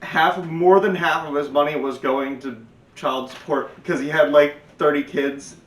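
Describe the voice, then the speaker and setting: A man's voice: a little high, fairly even intonation, a little slow, a bit bright. Easygoing man co-host, laughs a lot, casual chat, distant mic, echoey room. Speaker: podcast co-host.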